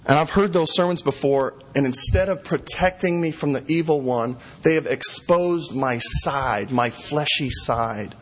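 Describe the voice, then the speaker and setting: A man's voice: on the high side, a little slow, hardly any pauses, fairly bright tone. A middle-aged man, a pastor, preaching a sermon, emphatic and repeating key phrases for stress.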